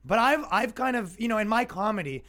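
Male comic podcast host, high-pitched, casual sarcastic rant. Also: lively intonation, fairly quick, bright, forceful tone. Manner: exasperated, sarcastic, acts out quoted voices.

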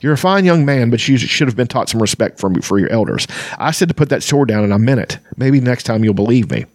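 A man's voice: medium pitch, expressive, fast talker, no room sound, studio quality, close to an everyday voice. A man reading a novel aloud and voicing a sleepy, absent-minded old male wizard who scolds and rambles. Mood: irritable.

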